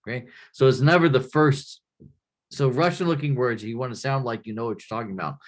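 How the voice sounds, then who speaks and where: A man giving a classroom lecture in a relaxed, conversational way, often checking in with the class by asking "right?". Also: mid-range voice, fairly quick.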